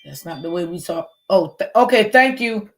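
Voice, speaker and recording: A woman's voice: lowish voice, animated, moderate pace, soft background music. A woman hosting a casual livestream, chatting to her viewers in a repetitive, talkative way. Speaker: livestream host.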